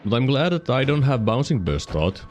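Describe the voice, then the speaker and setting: Soft music sits in the background as a Finnish-accented game streamer comments casually at a normal speed. His medium-pitched voice, somewhat dark in tone, is very animated, and he rambles, self-corrects while explaining mechanics, and hiccups now and then.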